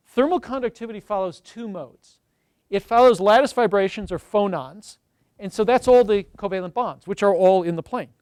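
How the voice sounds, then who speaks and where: A man's voice: high voice, a little mellow, smooth, no echo. A middle-aged man giving a university chemistry lecture, enthusiastic and storytelling, speaking directly to his audience in a lecture room. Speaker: chemistry professor giving a seminar.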